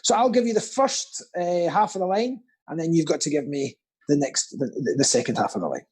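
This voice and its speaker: Husky Scottish man, lively playful quizmaster. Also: a little high, brisk, low-quality recording. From Scotland. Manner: playful, chatty, stumbles and repeats words. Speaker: quiz host. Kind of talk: casual online quiz banter.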